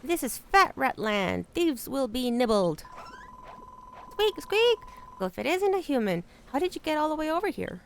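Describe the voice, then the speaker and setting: A woman doing a shrill squeaky rat guard. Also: very animated, fairly quick, gravelly, few pauses, a little hiss or hum, heavily acted. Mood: boastful.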